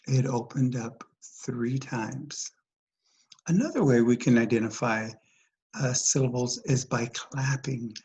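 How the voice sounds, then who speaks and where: A teacher walks through a phonics lesson at an unhurried, deliberate pace. The voice is patient and steady, repeating each word and pausing to ask the listener questions. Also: mid-range voice, poor audio. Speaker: dyslexia teacher.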